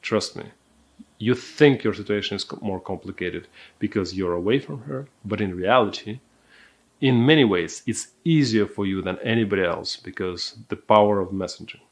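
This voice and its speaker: Man, low voice, recorded course lesson, calm, measured delivery. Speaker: dating coach.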